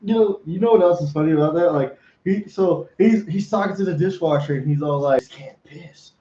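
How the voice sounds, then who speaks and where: A man's voice: on the high side, fairly quick, dark tone, reverberant, muffled recording. A man hosting a casual podcast, laughing often and swearing freely. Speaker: podcast host.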